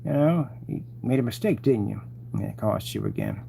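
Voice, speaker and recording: A man's voice: fairly low pitch, huge pitch swings, moderate pace, gravelly, warm tone, a little hiss or hum. A man hosting his channel, mocking and taunting his rivals in a rambling live-stream rant.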